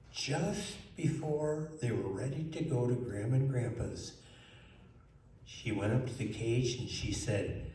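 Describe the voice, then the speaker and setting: A man telling a children's story in a lively way, asking the listeners questions. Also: medium pitch. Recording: very echoey room, mic far off, faint noise.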